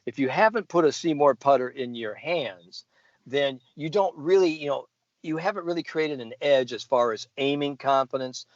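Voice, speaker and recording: A man's voice: mid-range voice, normal speed, no echo. An older man, a golf sports psychologist, telling stories in an interview, keen and full of fillers and restarts. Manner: enthusiastic storyteller, many fillers and restarts. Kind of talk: interview storytelling. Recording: dull lo-fi dry recording.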